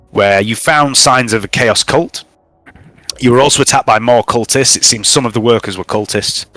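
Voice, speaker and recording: A man narrates a tabletop game as its game master, talking in a relaxed way with lots of ums and uhs. His voice comes across bright and clear, recorded dry and close with faint music underneath. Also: fairly low pitch, no echo. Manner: relaxed recap with frequent fillers.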